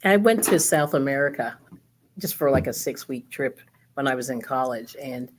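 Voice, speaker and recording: Chatty low-voiced woman host. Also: moderate pace, a little hiss or hum. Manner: chatty, animated when telling stories, laughs often. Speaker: livestream host. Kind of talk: casual group chat while crafting.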